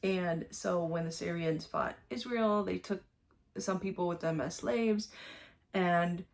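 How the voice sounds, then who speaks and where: Woman, casual Bible reflection, rambling, fillers and restarts, lowish voice. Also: takes it slowly, vocal fry. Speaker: vlogger.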